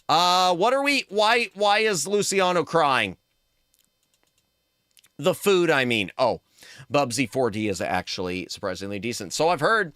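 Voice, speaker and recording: A man's voice: medium pitch, fairly bright tone, dry recording, clean studio sound. A man chatting casually with his viewers while streaming, rambling and reacting to chat.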